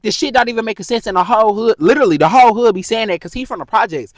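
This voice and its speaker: Young man, 20s, heated profane rant, high animated voice, dry close sound. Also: very fast, no echo. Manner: heated, profane, talks straight to the viewer. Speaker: vlogger. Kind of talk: casual storytime rant.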